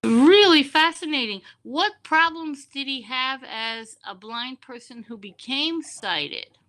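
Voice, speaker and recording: Bright, chatty woman podcast host. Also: high-pitched, lively intonation, takes it slowly. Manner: chatty, repeats words as she asks questions. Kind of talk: casual interview.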